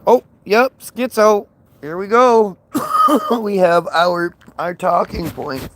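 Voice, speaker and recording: A man's voice: high-pitched, very animated, slow, fairly bright tone. A man ranting in a casual monologue, profane, scornful and rambling with many restarts. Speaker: vlogger.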